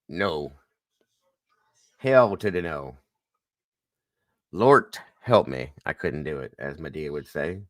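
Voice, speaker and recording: Lively man hosting a live stream chat. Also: on the low side, no echo. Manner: animated storytelling, swears lightly.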